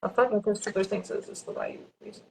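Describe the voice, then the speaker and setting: A woman's voice: medium pitch, fast, creaky. A woman, the daughter's mother, cutting in with short prompts off camera.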